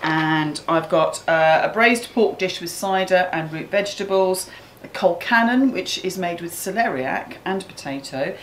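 A woman's voice: lowish voice, unhurried, roomy sound, low-quality recording. Woman doing a casual home cooking show in her kitchen, chatty and jokey, a bit of background noise. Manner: chatty, playful, self-mocking. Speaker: cookery host.

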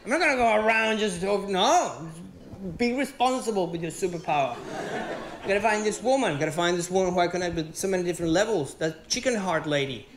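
A man's voice: high voice, animated, a little fast. A man with a Venezuelan accent doing stand-up comedy on stage, telling stories animatedly and acting out the dialogue. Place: theater stage before live audience. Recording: roomy live venue with audience noise.

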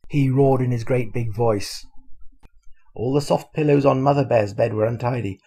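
An older man, a grandfather, reading a children's storybook aloud in a lively, expressive way. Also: medium pitch, normal speed, gravelly, husky.

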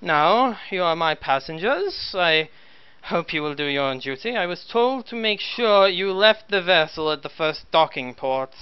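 A man voicing a harsh, shouting male Commissar who barks bullying orders. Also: fairly high pitch, expressive, unhurried, clean tone, no echo. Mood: menacing. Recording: dull lo-fi voice chat.

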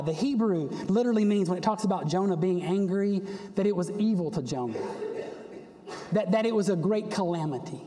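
A man preaching a sermon in a church, animated, acting out the prophet's complaints with a rising voice. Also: high voice, normal speed. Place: church sanctuary. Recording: long reverb of a church hall.

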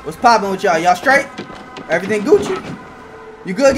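A man giving excitable, slangy let's-play commentary to viewers, bursting into loud cheers. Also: high-pitched, fairly quick, pauses often, slight background noise. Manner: slangy and chatty, talks straight to viewers. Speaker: gamer playing through a video game. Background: game music and sound effects.

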